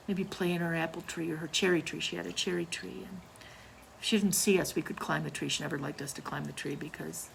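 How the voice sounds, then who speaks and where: An older woman tells a ghost story from her own childhood in a low, gravelly voice. She speaks slowly and quietly, often sinking almost to a whisper. Faint background noise sits under the recording. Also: rough recording. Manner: hushed, slow, dropping to near whispers. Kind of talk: personal ghost story narration.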